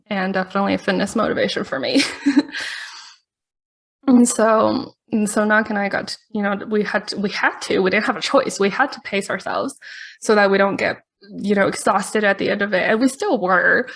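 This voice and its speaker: A woman's voice: medium pitch, normal speed, gravelly, fairly bright tone. A woman podcast host telling a story in a chatty, casual way, laughing often between her sentences.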